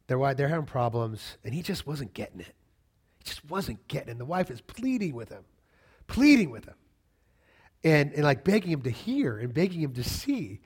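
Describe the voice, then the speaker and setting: A man's voice: mid-range voice, very animated, normal speed, a little mellow, husky. A middle-aged man preaching a sermon as a pastor, conversational and emphatic, repeating key phrases and joking casually with the congregation.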